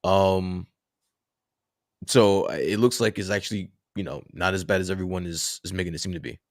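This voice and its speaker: Deep-voiced laid-back male co-host. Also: steady tone, normal speed, dry recording, studio quality. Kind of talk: casual chat.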